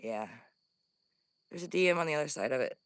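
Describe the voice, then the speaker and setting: A woman's voice: sits low, animated, fairly quick, clear, resonant tone, no room sound. Jittery woman whispering in the woods. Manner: jittery, drops into hushed whispers. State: breathing heavily from fear. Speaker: paranormal vlogger. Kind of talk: live outdoor investigation vlog. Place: woods outdoors.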